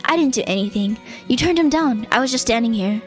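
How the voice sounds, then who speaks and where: A woman voices a wry young male charmer who jokes his way through every line. The voice sits high, even when it is pitched down for him. Faint music plays in the background. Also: fairly quick, close to an everyday voice. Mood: laid-back. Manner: wry, laid-back, joking. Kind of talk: reading a visual novel aloud.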